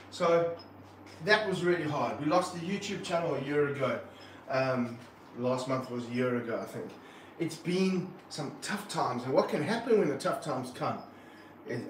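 Passionate high-voiced wildlife presenter. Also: male voice, reverberant, far from the mic, a little hiss or hum. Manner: earnest, passionate, animated while handling snakes. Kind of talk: casual livestream talk.

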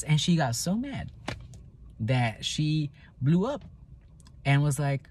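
High-voiced man, raw and emotional. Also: big pitch swings, takes it slowly, long pauses, darkish tone, breathy edge. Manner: emotional, repeats himself, swears. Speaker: vlogger telling his own story. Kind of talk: raw personal account.

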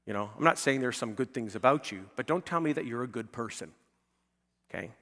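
A man's voice: mid-range voice, animated, a little fast, fairly bright tone. A male pastor preaching a conversational sermon, often checking in with the congregation with "okay?" and "right?", and building to emphatic, pleading peaks. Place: church sanctuary. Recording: long church reverb.

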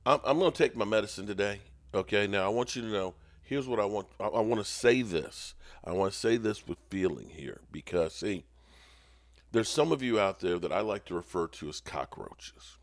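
Sarcastic low-voiced male sports host. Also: normal speed, dry recording. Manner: mock-outraged, sarcastic.

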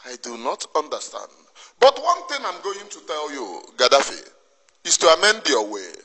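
A man's voice: on the high side, huge pitch swings, moderate pace, crowd noise. A man with a Nigerian Igbo accent in an impassioned monologue, scolding emphatically and repeating himself. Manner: emphatic, repetitive, preachy scolding. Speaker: activist commentator. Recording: long reverb.

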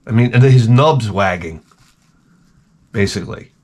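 A man's voice: fairly low pitch, a little slow, a little mellow, husky. Profane rambling male host. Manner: profane, ranting storyteller. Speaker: channel host. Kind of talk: rambling comedic monologue.

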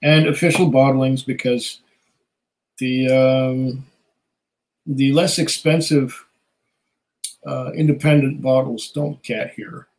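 A man's voice: medium pitch, fairly even intonation, slow, long pauses, darkish tone, poor audio. A man hosting a casual live stream, chatting loosely with many fillers and small laughs while reading viewer comments. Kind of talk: casual chat.

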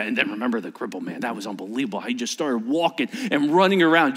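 Animated male preacher acting out scenes. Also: a little high, quick pace, few pauses. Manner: dramatic, acts out quoted disciples with shifting voices. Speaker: pastor. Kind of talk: sermon. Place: church.

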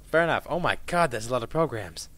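A man commentating on his own gameplay, swearing a lot and making sarcastic, excitable remarks. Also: medium pitch, quick pace. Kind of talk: profane let's-play commentary.

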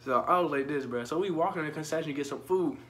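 A man's voice: fairly high pitch, fast talker, a bit bright, a little hiss or hum. A young man telling a profane, slangy story in a casual vlog and joking directly with his viewers. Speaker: storytime vlogger.

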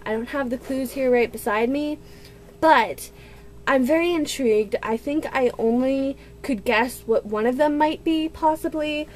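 A young woman in her twenties talks through an unboxing vlog at home. She gushes and gasps with excitement. Her voice sits fairly high, she takes her time, and faint room ambience hangs behind her. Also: measured pace, a little hiss or hum. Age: 20s. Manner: gushing and excitable, with gasps and squeals. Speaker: book vlogger.

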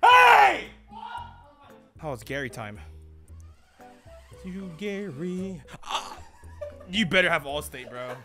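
A man streaming a game, joking with his chat and shouting at what happens on screen. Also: a little high, expressive, slow pace, pauses often, soft background music. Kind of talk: casual gaming stream chat.

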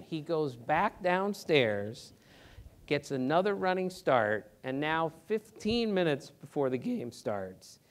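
A middle-aged male sports reporter gives an anecdotal storytelling presentation at a theater auditorium event. His slightly high voice is animated and emphatic, delivered in quick bursts of speech.

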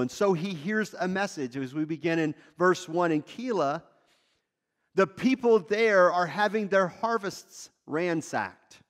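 A male lead pastor delivers a sermon in a high, animated voice. He talks conversationally, rising and dropping sharply in pitch and loudness as he makes his points.

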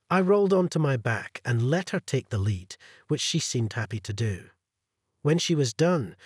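Lively, husky male story narrator. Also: mid-range voice, no room sound, clean studio sound. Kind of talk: first-person story narration.

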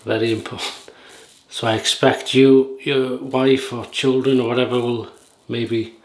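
A man's voice: mid-range voice, little pitch movement, takes it slowly. A man chatting casually while shaving, telling rambling stories that often lose their thread. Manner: rambling, anecdotal, chuckling, loses his thread. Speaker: shaving vlogger. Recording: roomy with faint noise.

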